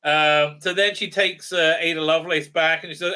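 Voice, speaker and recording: High-voiced sarcastic male reviewer. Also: steady tone, a little fast, few pauses, pushed and bright. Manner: sarcastic, rambling, many fillers and tag questions. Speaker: video reviewer. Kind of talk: ranting recap review.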